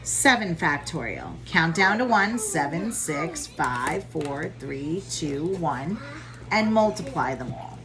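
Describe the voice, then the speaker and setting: A woman's voice: low voice, sing-song, slow pace, crowd noise. A woman teaching a college statistics lesson from her home, talking to viewers in a chatty, informal way. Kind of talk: casual recorded math lesson.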